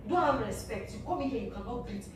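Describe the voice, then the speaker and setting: An actress playing a cheeky, sharp-tongued young village woman who teases loudly and speaks with a Nigerian Pidgin accent. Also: fairly high pitch, animated, quick pace, slight background noise, natural voice. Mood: scolding. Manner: mocking, loud, laughs through lines. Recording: echoey room, mic far off, soft music.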